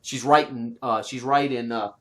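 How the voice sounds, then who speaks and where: A man running a tabletop game as game master, narrating with halting pauses and fillers. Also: mid-range voice, fairly even intonation. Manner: halting, many fillers and restarts while narrating.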